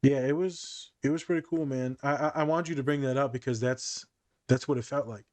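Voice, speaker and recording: A man's voice: medium pitch, brisk, no room sound. A man hosting a casual podcast chat, a therapist telling stories from his office and acting out the quoted dialogue. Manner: animated storyteller who acts out quoted dialogue.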